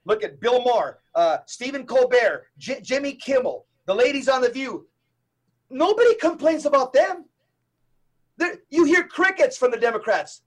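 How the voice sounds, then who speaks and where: This middle-aged Catholic evangelist, guesting on a podcast, has an extremely high-pitched voice and an animated delivery. He speaks emphatically in a preacher's style, rattling off lists and repeating himself.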